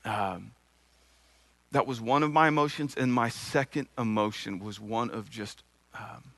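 A man's voice: medium pitch, measured pace, vocal fry, fairly bright tone, no echo. A middle-aged man giving an earnest sermon testimony from the pulpit, telling a personal story with frequent repeated words. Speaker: church speaker.

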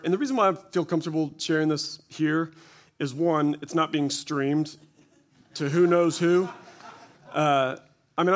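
A man in his forties giving a humorous, self-deprecating testimony talk at a church gathering, telling stories with quoted asides. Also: fairly high pitch. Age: 40s. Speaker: church speaker. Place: church gathering before an audience.

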